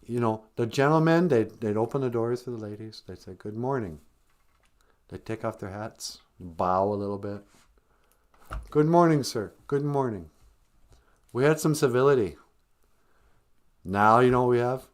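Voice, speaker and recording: A man's voice: medium pitch, lively intonation, moderate pace, long pauses. A man hosting a joking live stream, teasing and laughing, slipping into a grumpy old-man voice for his jokes. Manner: playful, breaks into song and laughter, mock-elder scolding. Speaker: host of a live stream on Ojibwe language.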